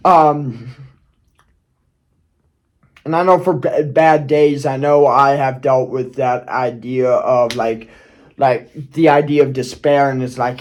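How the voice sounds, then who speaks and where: A man's voice: mid-range voice, fairly even intonation, slow pace, long pauses. A man telling a personal story on his video channel, rambling and often checking in with "okay?". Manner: rambling, keeps asking "okay?", restarts, swears. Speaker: YouTuber. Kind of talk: casual storytelling vlog.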